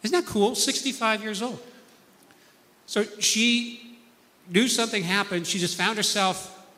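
Bright-voiced man preaching in a reverberant hall. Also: high-pitched, measured pace. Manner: earnest storytelling, acting out quoted people. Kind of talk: sermon.

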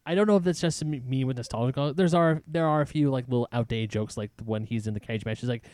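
A man's voice: medium pitch, fast talker, darkish tone, no echo. A young man co-hosting a podcast in casual chat, rambling and nostalgic. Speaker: podcast co-host.

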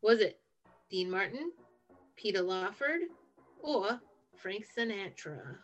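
A woman's voice: mid-range voice, lively intonation, slow pace, highs cut off, faint music behind. A woman running a trivia game on a casual comedy podcast, playful and teasing as she reads out questions. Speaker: trivia quizmaster.

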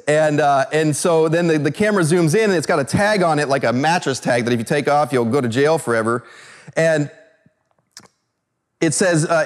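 A man from California telling a personal story to an audience, animated, with many fillers and restarts. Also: a little high, moderate pace, long pauses. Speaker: speaker.

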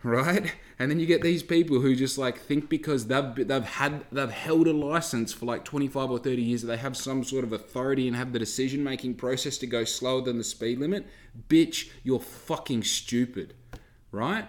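A man's voice: mid-range voice, a little fast, few pauses. Ranting, swearing podcast host man. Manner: heavy swearing, ranting, talks straight to listeners. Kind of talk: casual podcast rant.

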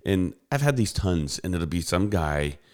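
Man, low voice, casual storytelling, frequent laughs, online call on headphones. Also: measured pace. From Canada. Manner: animated storyteller, laughs often. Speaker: friend chatting. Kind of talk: casual chat.

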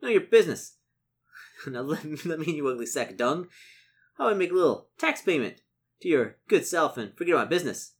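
A loud, blustering adventurer barks out taunts and challenges, as a man puts him on. The voice swings up and down with lots of life, pitched above his everyday talk. It comes from a solo tabletop game session. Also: very animated, a little fast, slightly rough, full character voice. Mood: taunting. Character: brash swaggering male adventurer, threatening.

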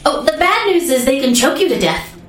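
A woman voicing Toffee, an excitable young female companion in a tabletop game, speaking in a bubbly explaining manner. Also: high voice, fairly quick, echoey room, recorded from a distance, voice pushed up. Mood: cheerful.

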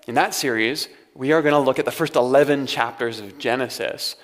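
A man's voice: mid-range voice, fairly quick, a bit bright. A man preaching a sermon as pastor, talking to his congregation in a conversational way with wry humorous asides. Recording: long hall reverb.

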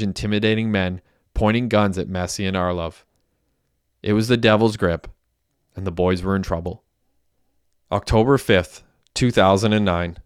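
A man reads a crime audiobook in a steady, plain storytelling manner. His voice sits low, smooth and resonant, and the recording is dry and close, with no room around it. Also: no room sound. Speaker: narrator. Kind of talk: audiobook narration.

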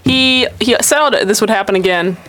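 A woman's voice: mid-range voice, normal speed, fairly bright tone. A young woman co-hosting a radio show, chatty and playful in casual banter. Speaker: radio co-host.

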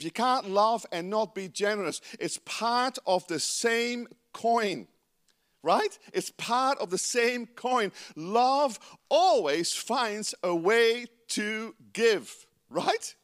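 Animated Dutch-accented man preaching. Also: high-pitched, slow. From Netherlands. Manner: animated, playful, laughs at himself. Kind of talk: sermon.

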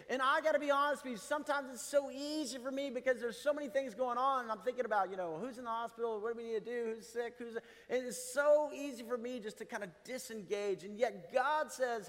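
A man's voice: extremely high pitch, brisk, hardly any pauses. A middle-aged male pastor giving a conversational sermon, chuckling and asking the congregation questions. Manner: conversational preaching with laughs and asides. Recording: long hall reverb.

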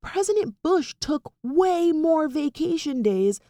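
A woman's voice: high-pitched, sing-song, slow pace, dark tone, no room sound, clean studio sound. A woman chatting casually and animatedly about politics, sarcastic and full of fillers.

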